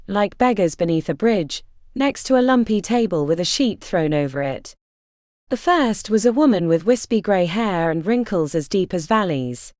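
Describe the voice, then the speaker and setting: A woman narrating a fantasy audiobook in an expressive storytelling manner. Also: medium pitch, dry recording, studio quality.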